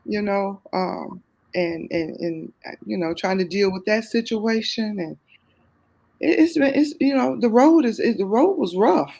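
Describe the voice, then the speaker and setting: A woman's voice: medium pitch, animated, measured pace, vocal fry, mellow. A woman with a Southern US accent, speaking as a guest and telling her life story openly, full of faith and repeating phrases for emphasis. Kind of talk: candid testimony in conversation.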